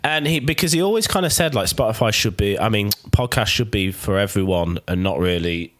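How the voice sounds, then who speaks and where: A man's voice: lowish voice, expressive, a little fast, a bit bright. A man hosting a podcast, chatting casually and rambling with many restarts. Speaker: podcast host. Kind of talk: casual chat.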